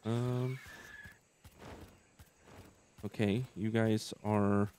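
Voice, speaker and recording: A man's voice: on the low side, level tone, drawn-out words, dark tone, a little hiss or hum. A young man giving casual let's-play commentary, thinking aloud and hesitating often. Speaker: gameplay commentator.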